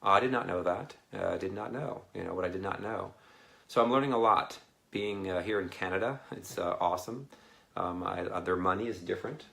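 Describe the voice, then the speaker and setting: A deep-voiced man with a rough, fry-laden tone talks casually to viewers over a webcam. He rambles and laughs between thoughts, wandering from one topic to the next in an easy, chatty way. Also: brisk, fairly bright tone. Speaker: Christian ministry speaker. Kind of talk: casual live video chat with viewers.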